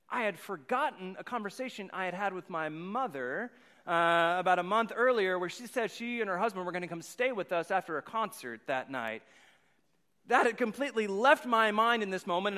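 A man's voice: high voice, bright, forceful tone. A man in his thirties, a pastor giving a sermon with a rambling personal story, often repeating his words. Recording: long hall reverb.

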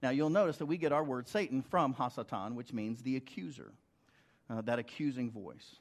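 A man's voice: mid-range voice, moderate pace. A middle-aged man preaching a sermon in a conversational way, often asking the congregation rhetorical questions. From United States. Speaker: pastor.

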